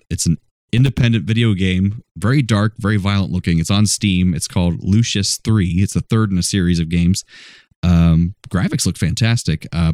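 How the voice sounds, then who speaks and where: A man's voice: sits low, a little mellow, dry recording, clean studio sound. A young man co-hosting a podcast, talkative and a bit loopy, often laughing as he chats. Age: young adult. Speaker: podcast co-host and voice actor. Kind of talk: casual chat.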